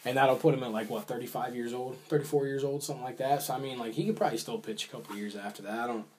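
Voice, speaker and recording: A man's voice: mid-range voice, very fast, a little mellow. A man co-hosting a casual sports talk show, rambling and hedging with fillers while he weighs baseball moves. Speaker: podcast co-host.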